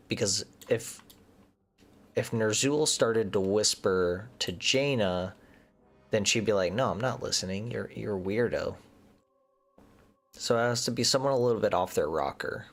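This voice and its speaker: A man's voice: fairly low pitch, lively intonation, normal speed, fairly bright tone. A man giving casual commentary as he plays a game, chatting and thinking aloud, sometimes muttering nervously under his breath. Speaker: gaming streamer.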